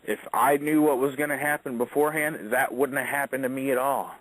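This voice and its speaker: A man's voice: mid-range voice, steady tone, brisk, a bit bright, no echo, poor audio. A man, a wrestler, telling an in-ring story in a casual, profane interview, acting out quotes as he goes.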